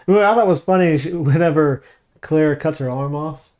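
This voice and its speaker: Agreeable man, somewhat high voice. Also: normal speed, a little mellow, highs cut off. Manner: agreeable, laughing along. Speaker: podcast co-host. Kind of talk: casual anime discussion.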